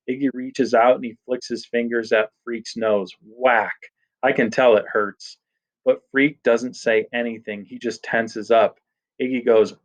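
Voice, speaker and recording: A man's voice: mid-range voice, steady tone, normal speed. A man narrating a story in a casual first-person voice. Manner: casual teenage-boy first-person telling. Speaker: audiobook narrator. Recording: dull lo-fi recording.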